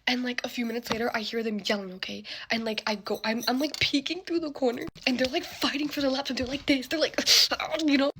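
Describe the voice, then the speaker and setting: A young woman telling a story in casual chat, animated and laughing often, with lots of "like" fillers. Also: on the high side, fast talker, hardly any pauses, slight background noise.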